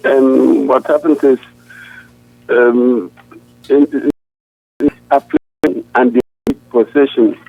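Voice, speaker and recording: An earnest male pastor speaks over a tinny, dry phone line at a middle pitch. He talks haltingly and often restarts his sentences. The narrow sound has no room in it. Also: vocal fry, no echo.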